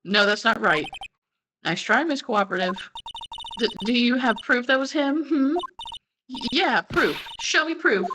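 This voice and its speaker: A woman voicing a rude, sarcastic young female witness who turns shrill when cornered, with game music behind. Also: expressive, normal speed, background noise, close to an everyday voice. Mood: flustered. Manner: curt, sarcastic, gets flustered and shrill.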